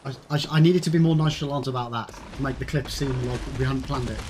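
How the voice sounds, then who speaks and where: A man streaming a game live, excitable, swearing and exclaiming at what happens on screen. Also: mid-range voice, noisy background. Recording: game music playing under the voice.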